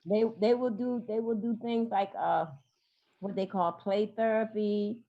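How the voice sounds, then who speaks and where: A woman therapist speaking as a guest in an interview, talking with frequent fillers, pauses and restarts. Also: mid-range voice, steady tone, dull audio. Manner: hesitant, many fillers and restarts. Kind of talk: interview talk.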